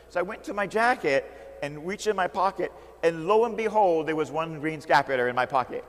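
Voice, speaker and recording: An American man, a Catholic priest, telling stories in an animated sermon and calling out "Amen?" to the crowd. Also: on the high side, fairly quick, in a large hall. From United States. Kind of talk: storytelling sermon.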